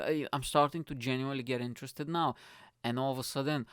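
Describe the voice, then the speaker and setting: A young man, a comedian hosting his own podcast, telling a story in a rambling, swearing way and acting out his friends' lines in higher voices. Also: steady tone, brisk, smooth, dry recording, clean studio sound. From not from the UK, moved there at 21. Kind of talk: casual storytelling monologue.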